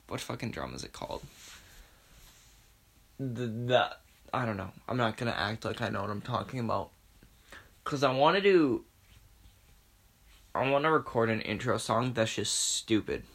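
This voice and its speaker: On his solo podcast, a young man speaks in a mid-range voice with a bright, forceful tone. He rambles casually, swearing and poking fun at himself.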